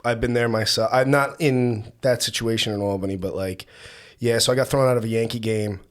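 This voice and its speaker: A man's voice: mid-range voice, fairly even intonation, a little fast. A young man hosting a podcast, telling loose, profane stories in casual chat and raising his voice when he quotes friends. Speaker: podcast host.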